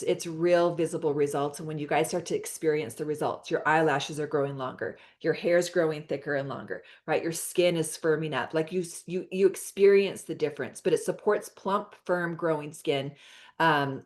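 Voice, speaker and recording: Chatty American woman with a lowish voice. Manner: chatty, many fillers and restarts. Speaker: host of a product presentation call. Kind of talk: enthusiastic product pitch. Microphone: video call.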